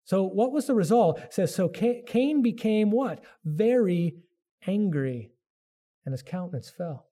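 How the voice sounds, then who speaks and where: A man's voice: high voice, expressive, a little slow, dark tone. A middle-aged man preaching a sermon as pastor, earnest, sometimes acting out the voices of biblical figures.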